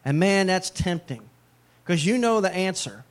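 Middle-aged male pastor, a touch higher pitched, chatty sermon delivery with playful asides. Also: lively intonation, unhurried. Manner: conversational preaching with joking asides.

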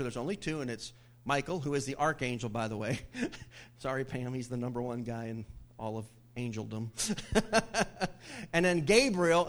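A middle-aged male pastor preaching a sermon to his church, telling stories with jokes and laughter. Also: mid-range voice. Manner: animated storytelling with jokes and laughs.

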